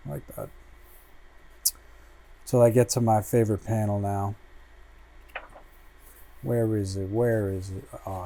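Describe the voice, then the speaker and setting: A man hosting a casual livestream, flipping through a comic book and muttering relaxed asides, swearing freely as he goes. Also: fairly low pitch.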